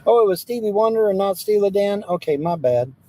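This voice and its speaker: A man's voice: high-pitched, animated, brisk, mellow, rough recording. A man hosting a livestream, joking playfully with his viewers and drifting into bits of song. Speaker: livestream host and singer. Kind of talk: casual chat with live viewers.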